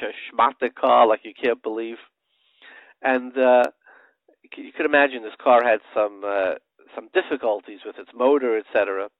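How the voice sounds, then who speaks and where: A man's voice: medium pitch, dry recording. A middle-aged man, a rabbi, telling a story in a sermon and chanting Hebrew verses, sprinkling in Yiddish words. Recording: dry, tinny phone-line radio audio.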